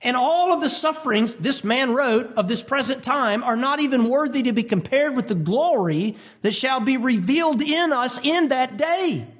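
A man preaching an expository sermon, animated and acting out quotes. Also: extremely high pitch, moderate pace, few pauses. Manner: animated, acts out voices and quotes.

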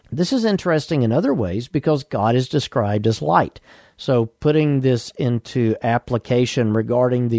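Southern US man, radio preacher, warm measured teaching voice, dry close sound. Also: medium pitch, dry recording. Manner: measured, explanatory preaching with scripture readings. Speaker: pastor. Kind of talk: radio sermon.

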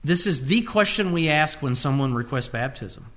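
A man's voice: a little high, expressive, normal speed, fairly bright tone. A man preaching a sermon, quoting scripture with emphatic rises and drops in his voice. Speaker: pastor.

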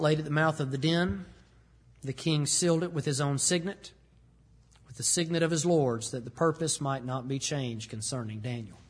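A husky, fairly high-voiced man delivers a sermon. His delivery is animated, and he slips into the voices of the people he is telling about. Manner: animated, acts out the king's lines. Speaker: preacher.

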